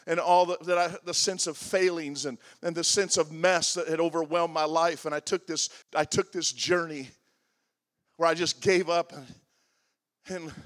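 A pastor in his sixties with a voice on the high side preaches a confessional sermon. He shifts between loud, emphatic lines and hushed, soft passages.

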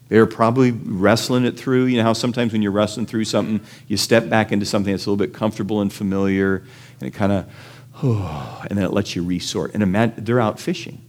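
A man preaching a sermon in a conversational way, asking his listeners questions and acting out the people in his stories. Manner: animated storytelling, acts out quoted voices with big pitch jumps; conversational, asks the audience questions. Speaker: pastor.

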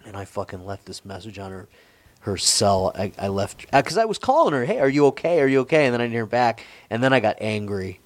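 A man's voice: on the low side, lively intonation, fairly quick, dry recording. A man in his forties telling a long, rambling, profane story in a casual chat, with frequent restarts. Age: 40s.

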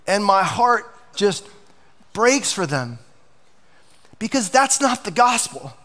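A man's voice: sits high, big pitch swings, takes it slowly, a bit bright, in a large hall. A man preaching a sermon as pastor, passionate and emphatic, in a church sanctuary.

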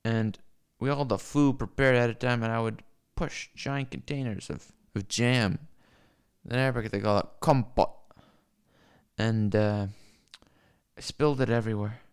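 A man's voice: mid-range voice, moderate pace, clean tone. A man streaming live, rambling profanely and forgetfully between comic bits. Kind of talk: casual ranting livestream.

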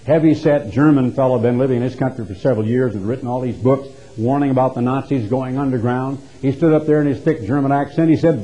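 A man preaching a sermon, emphatic and full of rhetorical questions, swinging from hushed to loud. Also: medium pitch, quick pace, hardly any pauses, dull audio.

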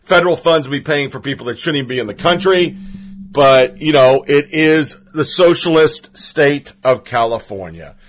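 A man's voice: on the high side, animated, moderate pace. A man hosting a political podcast, talking casually and with strong opinions, stumbling over names now and then. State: has the hiccups. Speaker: podcast host.

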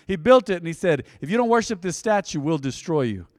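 A middle-aged male pastor giving a conversational sermon, dropping to a near hush and then surging loud. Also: on the high side, sing-song, fairly quick, dry recording, clean studio sound.

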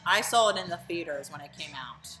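A woman co-hosting a podcast in casual banter, talking fast, laughing often and swearing casually. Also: on the low side, lively intonation, music in the background. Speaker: podcast co-host.

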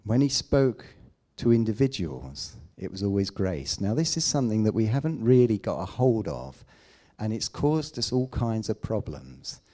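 A man preaching a sermon, emphatic, with loud declamations and quiet asides. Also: on the low side, sing-song, moderate pace, few pauses.

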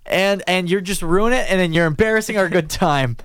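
A man's voice: high-pitched, brisk, fairly bright tone, smooth, dry recording, clean studio sound. A man co-hosting a comedy podcast, playful and sarcastic, often laughing along. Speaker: podcast co-host. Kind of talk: casual comedy podcast banter.

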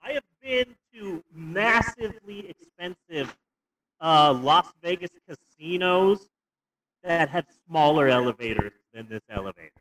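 A young man co-hosting a podcast, telling stories in a rambling, animated way with stumbles and restarts. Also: a little high, measured pace, poor audio. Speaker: podcast co-host. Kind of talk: casual comedic movie review chat.

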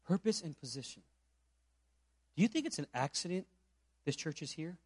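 Male pastor from Puerto Rico, high voice, dry close sound, preaches in a storytelling style with rhetorical questions. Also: sing-song, moderate pace, a little mellow, slightly rough, dry recording. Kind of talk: sermon.

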